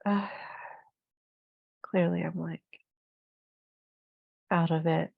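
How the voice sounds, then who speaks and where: A woman reviewing tech in a casual, thinking-aloud way, drowsy and unhurried, hesitant with many fillers. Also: lowish voice, fairly even intonation, gravelly, dry recording, narrow, tinny audio.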